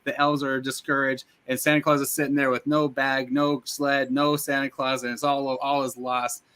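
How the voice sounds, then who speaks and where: A man's voice: medium pitch, little pitch movement, moderate pace, a bit bright, smooth. A man co-hosting a podcast, eagerly and loosely retelling scenes from a film in casual chat. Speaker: podcast co-host.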